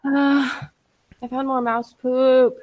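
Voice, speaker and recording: A young woman with a high, bright-toned voice chatting on a podcast. She is excitable and jumpy, and she swears freely throughout the casual back-and-forth. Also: takes it slowly, muffled recording. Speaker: podcast co-host.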